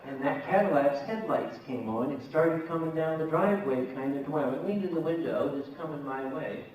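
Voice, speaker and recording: Male live storyteller, high-pitched, wry and dry, caught by a distant camera in a very echoey hall. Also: lively intonation, brisk, darkish tone. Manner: wry, dry comic delivery with acted voices. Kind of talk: live comic storytelling to an audience. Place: large convention hall, indoors. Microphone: camera at a distance from the stage.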